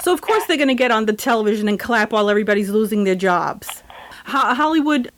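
A woman's voice: on the high side, animated, quick pace, slight background noise. A woman in casual chat who talks bluntly and rants with lots of profanity.

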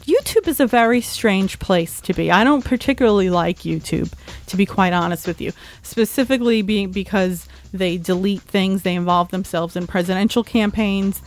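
A woman's voice: mid-range voice, normal speed, soft background music. A woman hosting a casual talk show, ranting and chatting with plenty of filler words. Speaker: host. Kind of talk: casual opinion chat.

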